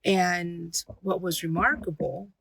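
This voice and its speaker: A woman, a paranormal investigator, recounting an experience in halting speech full of fillers and restarts. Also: lowish voice, fairly even intonation, creaky, fairly bright tone, a little hiss or hum, rough recording.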